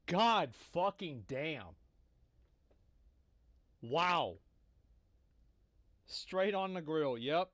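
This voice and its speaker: A man with a fairly high voice comments casually on a clip he is watching, swearing freely and sounding amused. The recording is dry and close. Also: animated, drawn-out words, pauses often, fairly bright tone, no echo. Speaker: streamer reacting to a clip.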